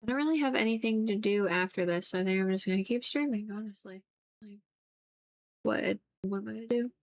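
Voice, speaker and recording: A young adult woman streaming as she paints, chatting in a relaxed, rambling way with lots of "like". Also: mid-range voice, fairly quick. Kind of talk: casual chat while painting on stream.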